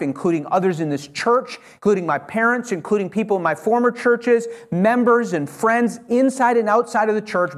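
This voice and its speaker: A male pastor preaching a sermon to his church, earnest and urging, often restarting his phrases as he presses a point. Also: high voice. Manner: frequent self-corrections and restarts.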